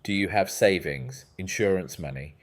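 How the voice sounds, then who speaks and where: A man's voice: low voice, moderate pace, close to an everyday voice. A man voicing an anxious, pampered sister in a storybook reading, speaking urgently.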